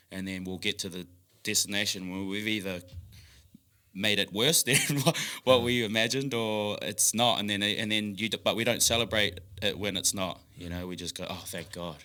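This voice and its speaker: A man in a casual podcast chat who talks in an animated way, swears freely, laughs between phrases and acts out the voices in his head. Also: sits low.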